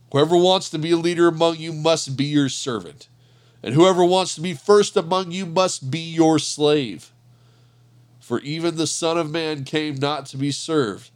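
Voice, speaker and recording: A man reading the words of Jesus as a calm, earnest grown male teacher in a scripture reading. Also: on the high side, close to an everyday voice.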